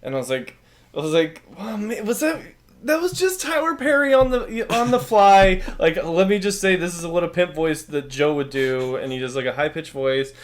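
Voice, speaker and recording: Higher-voiced man mocking a film. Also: expressive, normal speed. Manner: mocking, acts out quotes. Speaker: podcast co-host. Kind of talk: casual movie review chat.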